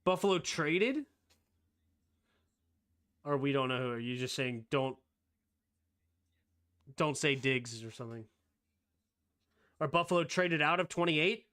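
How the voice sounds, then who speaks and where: A fairly high-voiced man hosts a loose, live sports talk stream. He reacts fast and excitedly, throwing out strong opinions as things happen. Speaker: streamer host.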